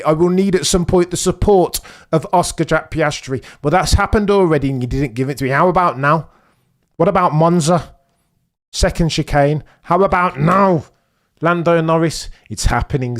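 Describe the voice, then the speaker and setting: During his live race watch-along stream, a man gives excited commentary and pleads with the drivers. He alternates between quiet low mutters and high, urgent bursts.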